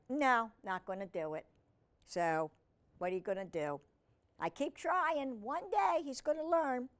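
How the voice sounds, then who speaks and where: A woman reading picture books to children, gentle and teacherly, often asking the listener questions. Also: lowish voice. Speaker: children's storyteller.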